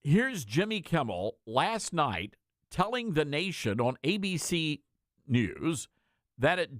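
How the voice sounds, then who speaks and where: A man's voice: a little high, very animated, slow, fairly bright tone, no room sound, studio quality. A man hosting an opinionated talk radio monologue, joking and folksy as he addresses his listeners. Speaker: talk radio host and station owner.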